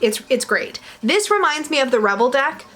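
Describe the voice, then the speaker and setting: A woman's voice: high-pitched, big pitch swings, moderate pace, fairly bright tone. A woman in casual chat to camera, reviewing tarot decks at home, chatty and giggly, rambling with fillers. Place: home room with her dog nearby.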